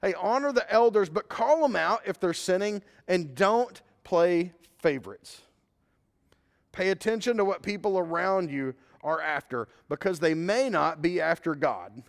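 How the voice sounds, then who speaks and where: In a church sanctuary with a long hall reverb, a pastor delivers a conversational sermon, weaving scripture together with a personal story. His voice is high and creaky.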